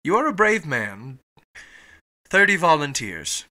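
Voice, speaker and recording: A man's voice: mid-range voice, lively intonation, unhurried, bright, forceful tone. A man reading an audiobook voices a stern, dutiful army captain with a firm delivery. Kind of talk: audiobook character voice.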